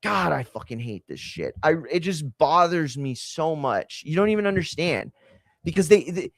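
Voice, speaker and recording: A man hosts a wrestling live stream in a profane, heated rant. His voice leaps between high, loud outbursts and low grumbling asides, and it sits a touch high for a man. The sound is close and dry, with no room echo. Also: sing-song, moderate pace, gravelly. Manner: profane, heated, swings from shouting to muttering. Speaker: livestream host. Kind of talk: ranting live-stream commentary.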